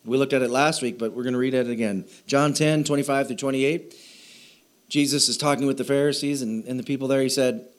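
A man's voice: mid-range voice, fairly even intonation, brisk. A man preaching a sermon in a chatty way, with laughing asides and questions to his listeners. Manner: asks the audience questions. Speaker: pastor.

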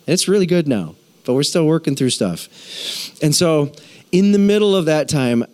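A middle-aged man, a pastor, preaching a sermon and telling his own story candidly, his voice swinging higher when he gets emphatic. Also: normal speed. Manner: candid, confessional storytelling with lively pitch swings.

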